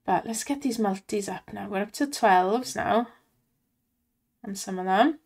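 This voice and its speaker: An excitable woman commenting on slot spins and cheering the reels on, her voice strained from shouting. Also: medium pitch, unhurried. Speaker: slot streamer.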